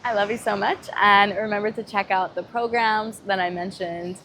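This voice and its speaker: A woman coaching vocal embodiment, leading a guided meditation in a soft, gentle voice with slow affirmations that sometimes swell into loud chanting. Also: mid-range voice, fairly even intonation, slight background noise, poor audio.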